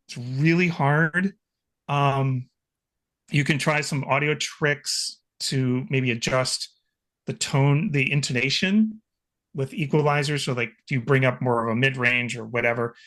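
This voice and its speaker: A man, a guest expert, giving an enthusiastic, chatty live software demonstration over a video call. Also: medium pitch, a little slow. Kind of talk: casual live software demo.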